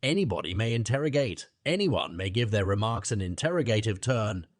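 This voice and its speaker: A man's voice: fairly low pitch, expressive, fairly quick, no echo, studio quality, natural voice. A man reading the part of a pompous, sonorous auctioneer who loves long words, in an audiobook. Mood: pontificating. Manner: grandiloquent, fond of long words. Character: pompous sonorous middle-aged male auctioneer.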